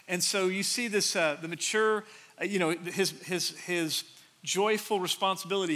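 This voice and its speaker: A middle-aged male pastor preaching a sermon in a conversational, animated way, often restarting phrases and dropping in quick asides. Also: fairly high pitch. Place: large church sanctuary.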